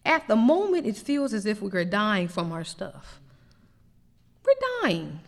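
A woman preacher delivering a lively, emphatic sermon. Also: medium pitch, a little slow, in a large hall. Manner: animated preaching with rising emphatic peaks.

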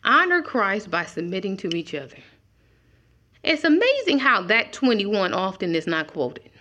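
A woman's voice: mid-range voice, big pitch swings, normal speed, pushed and bright. A middle-aged woman preaching a conversational sermon, acting out little dialogues as she talks.

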